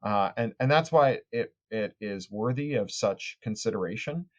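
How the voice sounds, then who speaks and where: A man's voice: fairly low pitch, expressive, normal speed, muffled recording. A man, an author and tech critic, answering podcast interview questions in long, articulate explanations with frequent small restarts.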